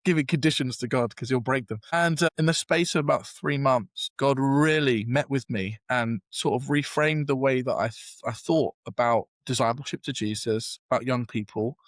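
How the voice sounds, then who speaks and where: A man's voice: mid-range voice, normal speed, few pauses, no room sound. A young British man with a casual, self-deprecating manner, telling a long story in a podcast interview, full of fillers and restarts. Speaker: guest.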